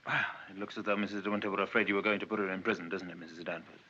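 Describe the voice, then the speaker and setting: A man's voice: deep voice, fairly even intonation, rapid-fire, bright, forceful tone, breathy edge, exaggerated voice. An actor playing a wealthy, brusque husband who teases and scolds his young wife in a 1940s film. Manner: brusque, teasing, impatient. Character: wealthy, brusque, teasing man of the house. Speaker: husband, master of the house. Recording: dull 1940s film soundtrack with faint music.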